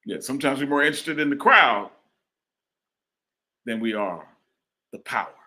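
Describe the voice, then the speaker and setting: A man delivers a sermon with an animated, swinging delivery. His voice is bright and forward, and he repeats phrases to drive points home, calling out to the congregation. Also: medium pitch, moderate pace. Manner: call-and-response preaching, repeats phrases. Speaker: preacher. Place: church.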